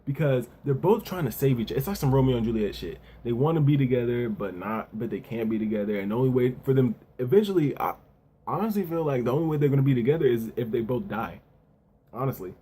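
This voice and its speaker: Give me a relaxed man recapping a manga chapter in loose, slangy talk. His voice is mellow and warm, pitched in the middle, and he keeps tossing in "yo" and "you know what I'm saying.". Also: quick pace, breathy edge. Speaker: anime and manga reviewer. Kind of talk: casual chapter review.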